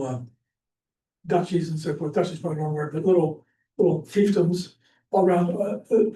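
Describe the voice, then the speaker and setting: A man's voice: fairly high pitch, warm tone. A man teaching an informal history class at church, chatty and rambling, with lots of fillers and restarts. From Pennsylvania. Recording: echoey room, distant mic, faint hiss.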